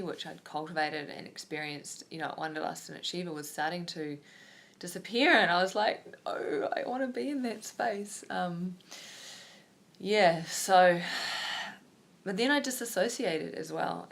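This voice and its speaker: A woman's voice: sits low, gravelly, a bit bright. A woman, a yoga teacher talking openly and reflectively in a personal vlog, wandering with many fillers.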